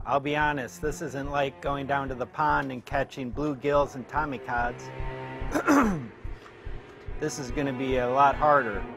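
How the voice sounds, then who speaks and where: A gruff, boastful shark hunter haggling over his fee, as a man reads him in his own plain voice. The delivery is flat and card-read, more recitation than performance. The voice sits at an ordinary middle pitch. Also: natural voice. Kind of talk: amateur scene reenactment.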